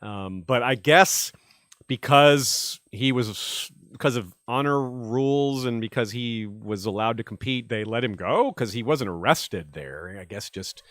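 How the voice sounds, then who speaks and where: Man, podcast host, casual rambling chat, mid-pitched, dry close sound. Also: unhurried, fairly bright tone, no room sound. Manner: rambling, chuckling, many fillers.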